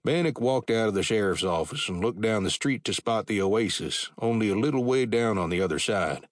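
Male audiobook narrator, lowish voice, measured western storytelling, dry close recording. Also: expressive, dry recording. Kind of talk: scripted narration.

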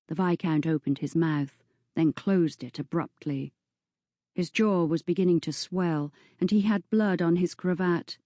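A woman narrates a story in an unhurried, even manner. Her voice sits low and mellow, recorded dry and close. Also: no room sound. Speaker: audiobook narrator. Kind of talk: scripted narration.

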